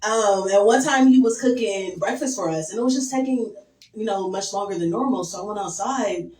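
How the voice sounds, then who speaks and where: A young woman doing a stand-up set, crude and deadpan, with lots of "um" and "like". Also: mid-range voice, a little fast. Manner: crude, deadpan, filler-heavy. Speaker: stand-up comedian. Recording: echoey room from far off.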